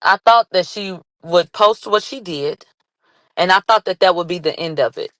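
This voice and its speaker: A woman giving excited live commentary, reading posts and chat aloud, laughing and shouting in bursts. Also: on the low side, moderate pace, no room sound. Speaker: commentary vlogger.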